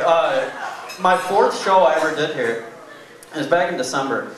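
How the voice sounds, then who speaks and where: A man's voice: on the high side, expressive, moderate pace. A young man doing a stand-up comedy set in a small club, with a loose, rambling delivery full of fillers. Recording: echoey club room, mic far off, faint noise.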